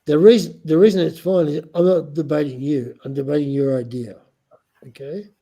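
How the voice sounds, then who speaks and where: A man's voice: a little high, fairly even intonation, moderate pace, warm tone, breathy edge. A man with a non-American English accent, lecturing insistently in a heated casual argument and repeating his points.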